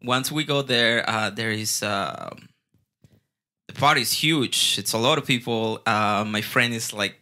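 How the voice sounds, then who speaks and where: A man's voice: on the low side, unhurried, sharp tone. A man with a Mexican Spanish accent, a Spanish speaker, telling stories as a guest in a casual way, repeating words and swearing now and then. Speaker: guest bartender. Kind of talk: casual storytelling.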